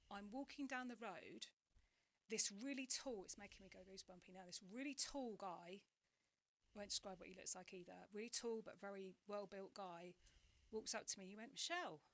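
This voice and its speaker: Animated English woman telling a story. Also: medium pitch, normal speed. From England. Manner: animated, acts out remembered exchanges, restarts often. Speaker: podcast guest. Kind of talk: candid conversational storytelling.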